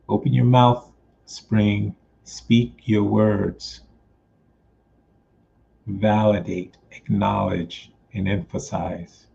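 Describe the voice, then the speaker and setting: A man reading cards for viewers in a casual live stream, talking slowly with many pauses. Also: fairly low pitch, vocal fry, mellow. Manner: slow, drawn-out delivery with frequent pauses. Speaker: psychic medium doing card readings. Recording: dull lo-fi sound with faint noise.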